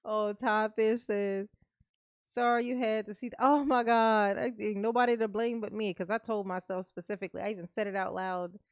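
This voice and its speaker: A woman's voice: medium pitch, fairly even intonation, normal speed, few pauses, dry recording. Chatty woman laughing through a live reaction. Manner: laughs a lot, chatty, talks to chat. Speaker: streamer reacting to a court livestream. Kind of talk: casual live reaction chat.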